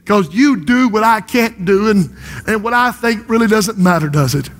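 A man with a South Carolina Lowcountry accent preaching a passionate sermon to a congregation, building to shouted refrains. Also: animated, normal speed. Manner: impassioned, rising to shouted refrains. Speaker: pastor. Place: large church sanctuary. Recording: long reverb of a church hall.

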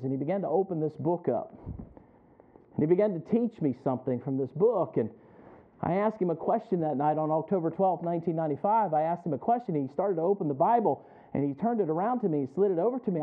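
A male pastor preaching a sermon as a personal story, calling on listeners by name and building to loud emphatic peaks. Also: on the high side. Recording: tinny phone-like audio.

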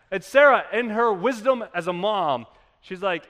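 A man's voice: high-pitched, fairly quick, fairly bright tone. A man in his thirties, a pastor preaching a sermon in a conversational way that builds to emphatic peaks. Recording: long reverb of a church hall.

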